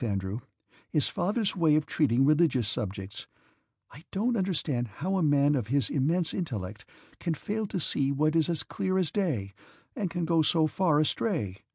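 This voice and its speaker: A man voicing a gentle, devout, timid young princess in an audiobook, earnest and pleading. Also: on the high side, creaky, husky, dry recording, studio quality, heavily acted. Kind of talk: audiobook character reading.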